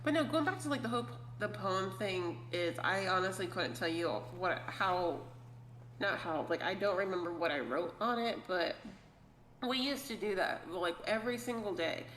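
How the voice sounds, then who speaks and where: A woman's voice: medium pitch, expressive, normal speed, a bit bright. A young adult woman chatting casually on a podcast, laughing often and filling her talk with "like" and "I mean.". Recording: roomy with faint hum.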